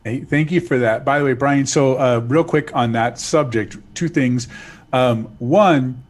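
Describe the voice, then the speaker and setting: A man being interviewed as a guest, speaking in a halting way and repeating words as he restarts. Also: mid-range voice. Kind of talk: casual interview talk.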